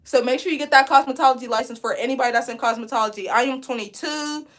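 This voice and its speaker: A woman, teaching a live braiding class in a loud, chatty, encouraging way. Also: high voice, fast talker. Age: 20s. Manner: chatty, encouraging, reads comments aloud. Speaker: braid instructor.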